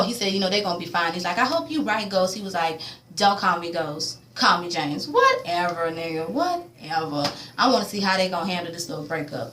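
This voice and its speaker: A woman casually recapping a TV episode in slangy talk, acting out the characters' lines with loud reactions. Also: medium pitch, roomy sound, a little hiss or hum. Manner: animated, slangy, acts out quotes. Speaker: TV recap vlogger.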